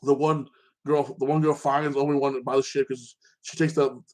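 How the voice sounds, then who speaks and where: Male host, casual recap talk, rambling and opinionated, heavy filler, mid-pitched voice. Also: flat delivery, moderate pace, darkish tone. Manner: rambling, fills with "like that" and restarts; opinionated, ranting about plot holes.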